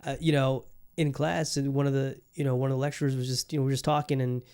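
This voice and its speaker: Fast and flat at a medium pitch, a young adult man chats by himself on his podcast with a smooth, darkish tone. He rambles casually, leaning on fillers and frequent restarts.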